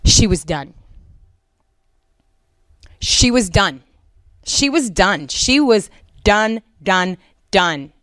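A woman's voice: medium pitch, very animated, extremely slow, long pauses, fairly bright tone, no room sound. A middle-aged woman giving an earnest, conversational Christian teaching talk. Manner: earnest, conversational, many fillers. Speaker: Christian speaker.

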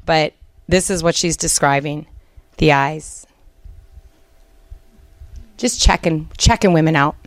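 A woman's voice: low-pitched, slow, long pauses, no room sound. A middle-aged woman giving an earnest, conversational Christian teaching talk. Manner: earnest, conversational, many fillers. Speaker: Christian speaker.

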